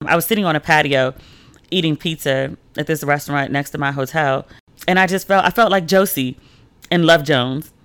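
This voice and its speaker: A woman hosting a casual solo podcast, telling stories in a chatty way with lots of "like" and lively quoted voices. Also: normal speed, clear, resonant tone, no echo. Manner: chatty storytelling, heavy use of "like", swings pitch when quoting people. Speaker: podcast host.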